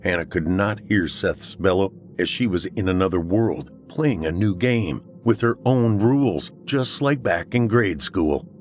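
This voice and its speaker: A man narrating a horror story for a podcast in a steady storytelling manner. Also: low-pitched, a little slow, hardly any pauses, soft background music.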